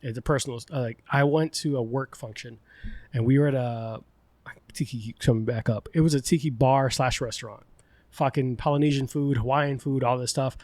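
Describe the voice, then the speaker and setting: A man hosting a podcast, telling profane stories in casual chat and swinging into loud mock outrage. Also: mid-range voice, fairly even intonation, brisk, no echo. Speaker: podcast host. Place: distillery.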